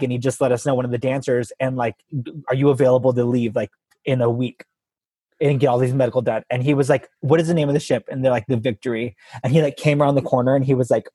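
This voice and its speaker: A man with a husky voice, a guest telling an animated story in casual chat and acting out the quotes. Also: mid-range voice, no room sound.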